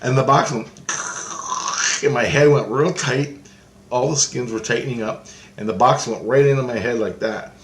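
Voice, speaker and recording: Male storyteller, mid pitch, recounts a vision in a loose, repetitive monologue, recorded in an echoey room. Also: normal speed, a little hiss or hum. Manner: meandering, restarts often, repeats phrases. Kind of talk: rambling first-person account of a spiritual vision.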